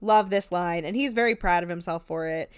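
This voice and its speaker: A woman's voice: lowish voice, fairly quick, smooth, no echo, studio quality. A woman co-hosting a podcast, chatting casually about a reality show, with lots of "like" and frequent laughter. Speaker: podcast co-host.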